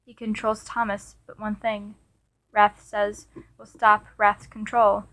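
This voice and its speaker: A woman of middle pitch reading a first-person fan fiction story aloud. Her delivery is earnest and unpolished, with small stumbles and restarts. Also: monotone, slow, fairly bright tone. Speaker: story reader.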